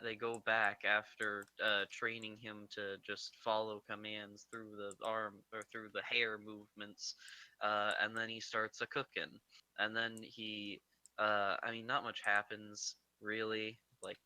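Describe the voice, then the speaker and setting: Rambling young man with a sharp voice. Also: on the low side, clean tone, dry recording. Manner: rambling, swearing, acting out quotes. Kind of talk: casual movie plot recap.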